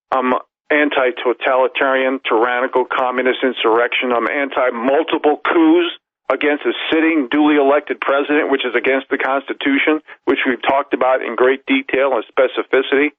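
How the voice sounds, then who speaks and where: A man's voice: medium pitch, little pitch movement, moderate pace, dry recording. Emphatic man on a tinny phone line. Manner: emphatic, piles up long lists. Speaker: news commentator on a call-in radio show. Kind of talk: talk radio commentary.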